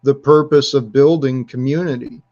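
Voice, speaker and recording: A man hosting a casual panel discussion, speaking in a searching, halting way. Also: medium pitch, lo-fi sound. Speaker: host.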